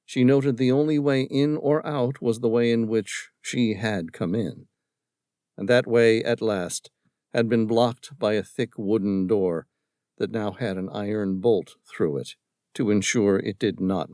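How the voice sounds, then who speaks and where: A man's voice: lowish voice, dark tone, dry recording. Man narrating an audiobook, dry close sound. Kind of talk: scripted narration.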